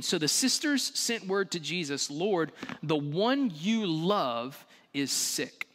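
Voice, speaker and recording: A man in his thirties preaching a sermon, animated, building emphasis with rising phrases and casual asides. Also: high voice. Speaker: pastor. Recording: long reverb of a large hall.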